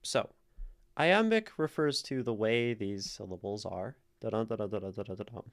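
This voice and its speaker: A man's voice: medium pitch, sing-song, measured pace. A man streaming live, casually explaining poetic meter and sounding out the stress in words as he thinks aloud. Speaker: streamer analyzing poetry.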